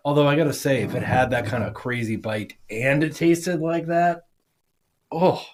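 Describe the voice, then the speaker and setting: A man's voice: a little high, normal speed. A man co-hosting a casual podcast, blunt and profane, chatting loosely over drinks. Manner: blunt, profane, laid-back. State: tipsy from drinking beer. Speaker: podcast co-host. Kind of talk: casual chat.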